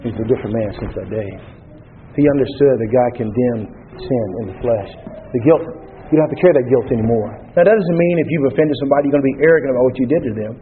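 A man's voice: medium pitch, fast talker, narrow, tinny audio, slight background noise. A man preaching a sermon, telling stories with frequent restarts and building to emphatic peaks. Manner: storytelling with many restarts, rising to emphatic peaks.

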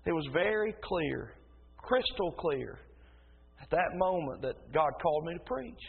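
A man preaching a sermon as pastor in a church, emphatic and rising into a loud preaching cadence. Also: a little high, sing-song, measured pace, creaky, slightly rough. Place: church sanctuary. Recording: tinny phone-like sound in a reverberant hall.

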